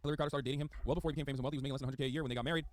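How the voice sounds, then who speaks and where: A man's voice: mid-range voice, steady tone, rapid-fire. A man streaming a reaction, reading an article aloud and breaking off with exasperated, profane commentary.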